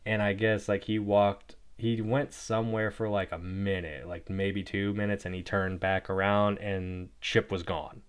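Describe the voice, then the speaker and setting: A young man hosting his own podcast rambles loosely through a personal story, saying "like" constantly. His voice is on the low side, flat and smooth, a little slow with hardly any pauses. It's casual storytelling.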